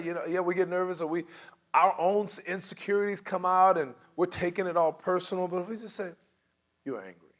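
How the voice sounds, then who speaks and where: A man leads a church class in a relaxed, conversational way. His voice sits a little high, and he keeps it animated, slipping into quoted back-and-forth and laughing along the way. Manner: animated, acts out quoted dialogue, laughs often. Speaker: church teacher. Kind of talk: casual teaching talk. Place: church room.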